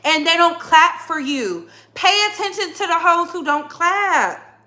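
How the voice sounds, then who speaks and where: Fiery, bright-voiced woman commentator. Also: extremely high pitch, animated, unhurried. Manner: blunt, emphatic, repeats phrases for effect. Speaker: commentary channel host. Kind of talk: heated commentary monologue.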